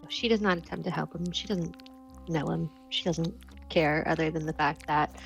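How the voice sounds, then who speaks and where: A woman's voice: low-pitched, steady tone, normal speed, creaky, faint music behind. A woman player describing her character's actions in a tabletop game, matter-of-fact.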